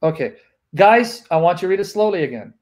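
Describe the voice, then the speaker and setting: Man, high-pitched, host, emphatic, repetitive, teaching scripture. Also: animated, fairly quick, darkish tone. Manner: emphatic, repeats points for the audience. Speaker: livestream host. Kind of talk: teaching Bible study talk.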